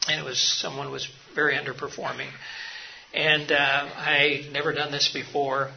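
A middle-aged man gives an earnest, story-filled seminar talk in a slightly high, gravelly voice, with plenty of ums and uhs. The recording is dull and lo-fi. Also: little pitch movement, moderate pace, a little hiss or hum. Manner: earnest, anecdotal, speaks with frequent fillers. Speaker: mission hospital leader teaching a session.

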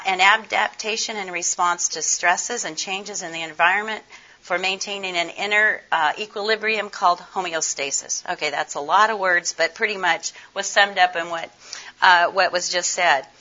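An older woman speaks to a conference audience in a bright, forward voice, hoarse and scratchy from laryngitis. She is chatty and folksy and puts questions to the room. The recording is dull and lo-fi. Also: mid-range voice, moderate pace. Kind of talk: conference presentation.

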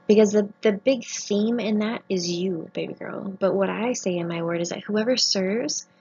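A woman's voice: medium pitch, moderate pace, dark tone, slightly rough. A woman in her thirties, a family physician, giving an earnest faith-based talk to medical trainees, sharing her own story. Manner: earnest personal testimony. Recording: muffled lo-fi recording.

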